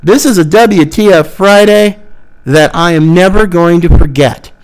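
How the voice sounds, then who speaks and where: A man's voice: sits high, measured pace. A man hosting a podcast, delivering an emphatic, sarcastic opinion monologue. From Florida. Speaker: podcast host.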